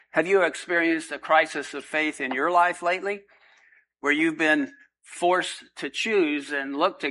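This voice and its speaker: A man delivers a sermon as a pastor, his voice bright and forceful. He talks earnestly and without hurry, often pausing on fillers. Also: fairly high pitch, low-quality recording. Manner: unhurried, earnest, frequent filler pauses.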